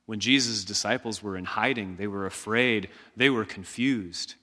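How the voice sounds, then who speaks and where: A man preaching a sermon as pastor, slow and emphatic, leading the congregation in call-and-response shouts. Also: fairly low pitch, in a large hall.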